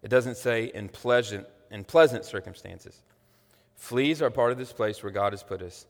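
A man's voice: mid-range voice, normal speed, lightly acted. Serene devout woman prisoner, read by a preacher. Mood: insistent. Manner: calm, insistent, thankful. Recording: long echoey hall reverb.

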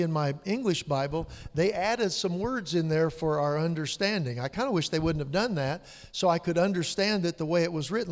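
A male pastor preaching a sermon, dropping to hushed whispers and rising to loud, emphatic peaks. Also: a little high. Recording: long hall reverb.

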